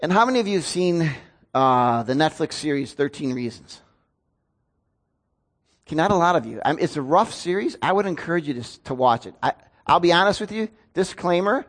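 A man's voice: on the high side, expressive, brisk. A man, a pastor preaching a sermon in an earnest, storytelling way. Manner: earnest, storytelling with rising emotion.

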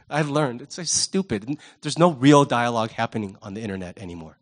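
A male pastor preaching a sermon in an animated, wry way, often jumping into quoted voices. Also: mid-range voice, fairly quick.

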